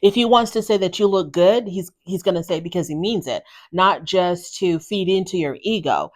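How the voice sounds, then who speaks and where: Woman host, lower register, for a blunt, opinionated reality-show recap. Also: normal speed. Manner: gossipy, blunt, chatty.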